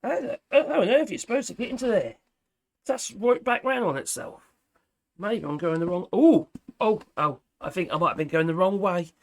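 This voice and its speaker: A man's voice: high voice, animated, a little fast. A man, reviewing a product as he unboxes it, chatty and self-mocking, talking to himself while he fiddles with things.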